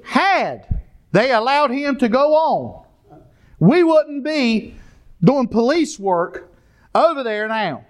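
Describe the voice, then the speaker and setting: A man's voice: extremely high pitch, sing-song, takes it slowly. A man preaching a sermon, telling stories and calling out to the congregation. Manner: storytelling, addresses the congregation directly.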